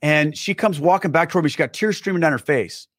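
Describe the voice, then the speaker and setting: Guy telling his story on a podcast, kinda high voice, super dry sound, acts out all the voices. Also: quick pace, no room sound. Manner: animated storyteller who acts out dialogue; many fillers and restarts. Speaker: podcast guest. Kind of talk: personal storytelling in conversation.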